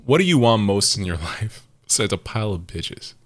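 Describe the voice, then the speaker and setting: Excitable young male podcast host, rambling banter, animated pitch, lower register. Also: moderate pace, no echo. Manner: rambling, excitable, swearing, laughs loudly.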